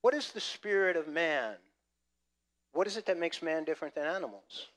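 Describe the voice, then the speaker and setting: A man preaching a sermon, lively and conversational, swinging between loud emphasis and quiet asides. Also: a little high, normal speed. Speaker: pastor.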